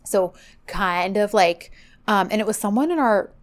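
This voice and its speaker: A woman's voice: medium pitch, lively intonation, measured pace. A woman co-hosting a casual chat, recapping a drama with many fillers and acted-out quotes. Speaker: podcast co-host recapping a TV drama.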